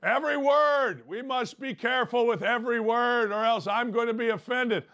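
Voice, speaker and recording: A man's voice: very high-pitched, steady tone, moderate pace, fairly bright tone, lo-fi sound. An older man hosting a sports talk show, ranting in a brash, sarcastic, rambling way. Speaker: sports radio host. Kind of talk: opinionated sports talk monologue.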